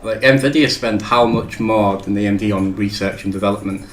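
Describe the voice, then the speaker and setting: A man's voice: on the low side, moderate pace, reverberant, low-quality recording. A man hosting a casual tech chat show, rambling and joking with frequent swearing. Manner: rambling, swears freely, jokey. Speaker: show host.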